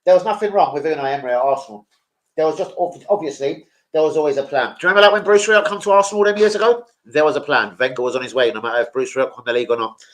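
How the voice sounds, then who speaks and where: A man's voice: fairly high pitch, very fast. A young man chatting casually about football as a streamer, slangy and sweary.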